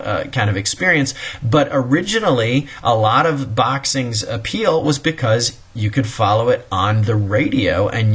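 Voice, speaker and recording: A man's voice: mid-range voice, fairly bright tone, husky. A man giving a recorded history lecture in a conversational way, wandering into asides and correcting himself as he talks. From American Midwest. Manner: conversational, digressive, self-correcting.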